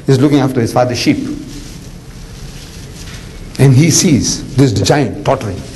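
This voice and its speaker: A man giving a lively storytelling lecture as an Islamic preacher, chatty with many asides. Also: mid-range voice, a little slow, a little hiss or hum, poor audio. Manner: animated, conversational, with frequent "you know" asides and acted voices.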